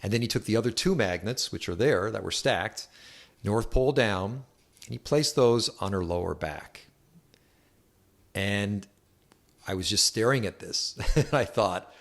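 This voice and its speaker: A chiropractor telling a story to camera in a relaxed, anecdotal way with wry asides. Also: male voice, fairly low pitch, moderate pace, vocal fry. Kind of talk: storytelling health talk to camera.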